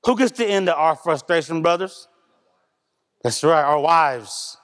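Brief: loud, candid man sharing testimony, high-pitched voice, long church-hall reverb. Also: unhurried. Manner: loud talker, candid and animated. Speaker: church member giving testimony. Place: church service.

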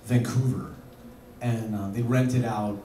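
A man's voice: medium pitch, fairly even intonation, slow, mellow. A man telling a rambling, laughing anecdote on stage at a bar venue, full of fillers and restarts. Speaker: musician telling a story on stage. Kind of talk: live anecdote. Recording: echoey live room from far off with noise.

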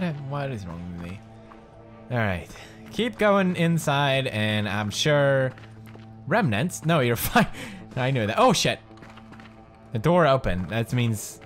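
Over a horror game let's play, a twentysomething gaming commentator keeps things jokey and full of curses, his slightly bright voice swinging from quiet muttering to scared yelps.

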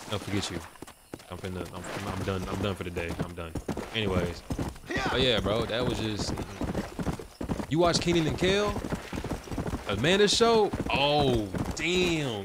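A young male gaming streamer with a lowish voice, rambling to his chat in loose, profane slang. Loud game audio sits under him, with horse hooves clopping and outdoor ambience. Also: very noisy. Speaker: gaming livestreamer. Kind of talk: casual chat to a stream audience while playing. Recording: loud game sounds over the voice.

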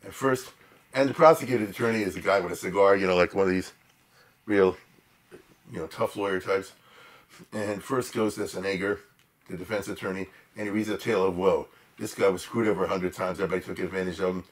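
A male lecturer telling stories to a class in a lowish voice. He talks in an animated, emphatic way and keeps turning to the listeners with chatty asides. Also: brisk. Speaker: lecturer on history. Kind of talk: informal storytelling lecture.

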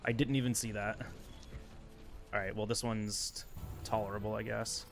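A man's voice: fairly low pitch, flat delivery, moderate pace, vocal fry, faint music behind. A man streaming a speedrun live, commenting on his gameplay and venting in frustrated rants. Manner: frustrated ranting, venting at the game.

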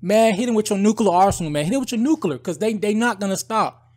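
A man's voice: high-pitched, lively intonation, quick pace, darkish tone. A man giving casual, heated political commentary in a rambling vlog, calling his viewers "bro" and "guys" often. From United States.

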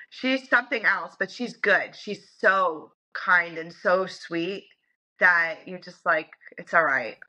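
A woman's voice: mid-range voice, pushed and bright, low-quality recording. A woman guest in a casual interview, talking in a chatty way full of "like" and "you know". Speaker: interview guest, dog owner.

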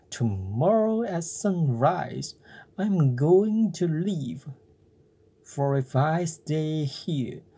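A cheeky wooden puppet boy talks back with slow, drawn-out defiance, as a storybook reader puts him on. The voice is soft and mellow, never sharp. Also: mid-range voice, slightly rough, exaggerated voice. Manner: cheeky, impatient.

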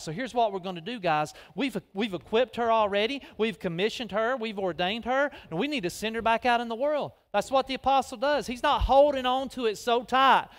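A man preaching a sermon in a folksy, animated way, directing people onstage. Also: very high-pitched, brisk. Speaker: guest preacher. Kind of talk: sermon with live skit. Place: large church hall. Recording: long reverb of a big hall.

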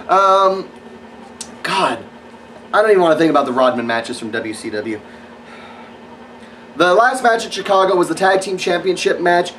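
A man's voice: on the high side, a bit bright, distant mic, slight background noise, rough recording. A man giving a casual, rambling spoken review of wrestling matches, sarcastic and full of fillers.

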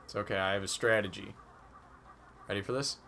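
A man's voice: fairly low pitch, fairly even intonation, brisk, creaky, bright, forceful tone, slight background noise. A man co-hosting a let's play, giving easygoing, jokey gameplay commentary.

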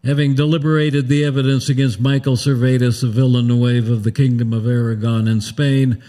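A man's voice: mid-range voice, flat delivery, fairly quick, dark tone, lightly acted. A man reading as a formal juror.

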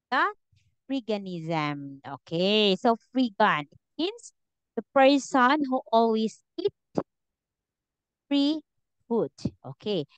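A woman's voice: a little high, smooth, dry recording, highs cut off. A woman English teacher giving a one-on-one lesson, explaining patiently and saying okay often. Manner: slow, patient explaining with many okays.

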